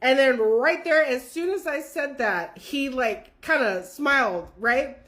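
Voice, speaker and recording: A woman in her twenties from California, telling a story in an animated, profane way. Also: high-pitched, slow pace. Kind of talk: casual storytime.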